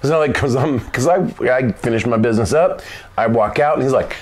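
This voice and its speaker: A man tells a comic story in a lively, swinging voice that sits a touch high. He laughs through his lines and swears casually, and his delivery stays loose and animated throughout. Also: fairly quick, crowd noise. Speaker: vlog host.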